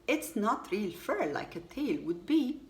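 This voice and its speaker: A woman's voice: a little high, very animated, unhurried, a little mellow, roomy sound. A woman voicing a kindly, motherly lady in a storybook reading. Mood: fond.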